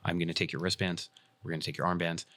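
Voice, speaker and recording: A man hosts a casual podcast and retells a story with energy, acting out what each person in it said. His voice sits low, but the tone is bright and forward. He talks like someone chatting with friends. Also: very fast. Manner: animated retelling, acts out quoted dialogue. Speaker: podcast host and airsoft field staff.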